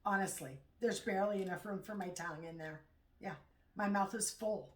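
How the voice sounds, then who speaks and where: A middle-aged woman chatting casually at home in a vlog, rambling and halting as she talks. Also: medium pitch. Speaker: vlogger. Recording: echoey room, far from mic.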